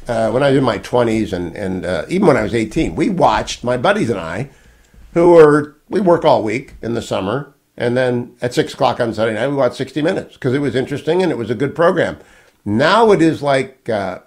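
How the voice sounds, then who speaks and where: An older man hosting a political talk radio show, lecturing emphatically and repeating his key points. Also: medium pitch. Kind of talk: opinionated political monologue.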